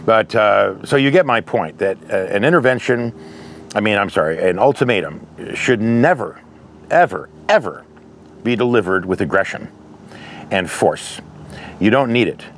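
Casting note: low-voiced man, candid and conversational, telling stories from his work, with faint noise in the background. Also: expressive, normal speed. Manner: candid, conversational, storytelling with anecdotes. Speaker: interventionist. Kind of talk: advice monologue.

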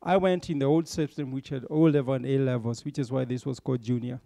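A man's voice: medium pitch, steady tone, fast, creaky, mellow, dry recording, studio quality. A middle-aged man giving a motivational storytelling talk to young leaders, often checking in with tag questions. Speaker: bank executive speaking to young leaders.

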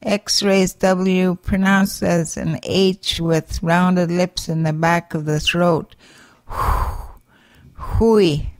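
A woman's voice: on the low side, flat delivery, no echo. A woman demonstrating how letters sound. She says each sound on its own, then gives an example word. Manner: deliberate, spelling out each sound in isolation. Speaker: language teacher giving pronunciation examples. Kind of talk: slow, careful pronunciation guide.

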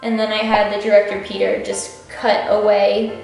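A woman's voice: flat delivery, moderate pace, gravelly, a little mellow. A woman hosting a casual costume walkthrough, chatty and emphatic, sounding a little out of breath from a tight corset. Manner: chatty, explains details with emphatic jumps in pitch. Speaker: host. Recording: very echoey room, faint music.

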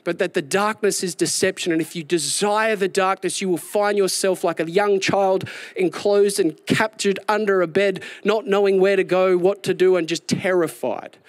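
A man preaching a sermon outdoors, animated and building to a raised, excited delivery. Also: high-pitched, moderate pace, dry recording. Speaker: pastor.

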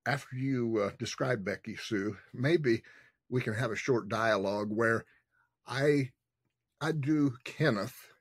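A male podcast host on a video call, asking questions in a measured way with small hesitations. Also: mid-range voice, breathy edge, no room sound, studio quality. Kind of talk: interview questions.

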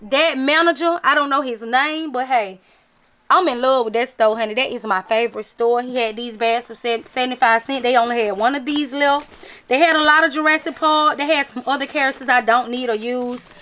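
High-voiced chatty woman vlogging. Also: steady tone, brisk, sharp tone. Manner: chatty, talks to viewers as y'all, emphatic. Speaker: vlogger showing a craft haul. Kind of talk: casual chat to camera.

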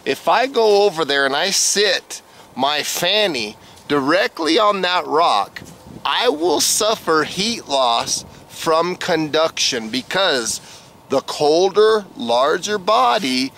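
A man giving a slow, plain survival lesson outdoors in the snow, a little out of breath. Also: on the high side, big pitch swings, gravelly, sharp tone, slight background noise. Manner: explains slowly and plainly, folksy phrasing. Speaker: survival instructor. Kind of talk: outdoor instructional vlog.

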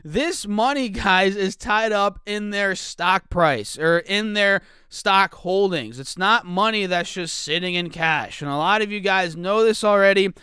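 A man hosting a casual stock market video, his voice rough from just waking up, talking chattily to viewers he calls guys and clearing his throat now and then. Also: high voice, unhurried, hardly any pauses, bright, forceful tone, no room sound, studio quality. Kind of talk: casual talk to camera.

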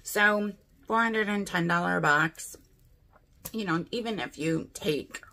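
A woman's voice: fairly low pitch, slow pace, pushed and bright. A woman chatting casually through a beauty box unboxing, thinking aloud and asking her viewers what she should do. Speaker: beauty vlogger.

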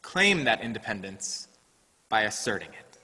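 A man who directs faith development at his congregation gives a sermon, telling a story and offering advice in an earnest, deliberate way. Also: lowish voice, big pitch swings, bright, forceful tone. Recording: long hall reverb.

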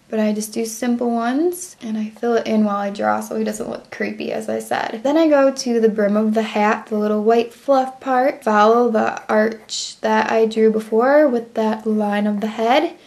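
A young woman with a slightly high voice walks through a drawing step by step. She keeps up a chatty, self-commenting voice-over and paces her words to her pen. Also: gravelly, darkish tone. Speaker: drawing tutorial host.

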